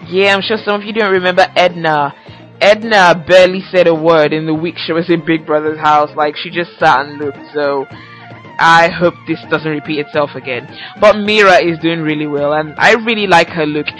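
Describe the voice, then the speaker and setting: A woman's voice: lowish voice, steady tone, moderate pace, faint music behind, poor audio. A young woman hosting a casual solo podcast, chatty and teasing, laughing often at her own remarks. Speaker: podcast host.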